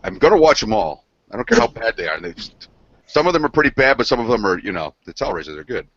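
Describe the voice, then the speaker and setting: Man co-host, casual and profane, bright tense tone, slightly low pitch, dry muffled recording. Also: sing-song, fast talker, no echo. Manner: rambling, profane, laughing storyteller. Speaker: podcast co-host. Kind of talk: casual chat. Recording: dull lo-fi sound.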